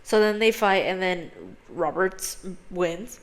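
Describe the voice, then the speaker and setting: A woman's voice: on the low side, takes it slowly, noisy background. Young woman rambling through a movie recap. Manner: rambling, heavy on "like", frequent swearing; animated storyteller who acts out characters' lines. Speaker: podcast host. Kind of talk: casual chat, retelling a movie plot.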